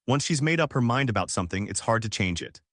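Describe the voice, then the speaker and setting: A man voicing a tired, gentle middle-aged father who speaks softly and carefully. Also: mid-range voice, animated, fast talker, no room sound, clean studio sound. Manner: soft and careful.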